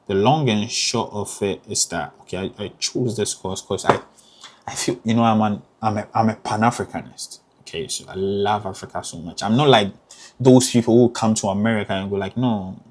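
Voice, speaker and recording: A young man from Ghana with a Ghanaian accent, a theatre graduate student giving casual advice in a chatty, emphatic way, full of "you know" fillers. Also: on the low side.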